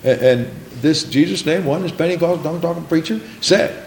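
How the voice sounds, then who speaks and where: A man's voice: fairly high pitch, normal speed, gravelly, darkish tone, slight background noise. A man preaching a sermon, repeating lines for emphasis and calling for responses from the congregation. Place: church sanctuary. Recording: echoey room.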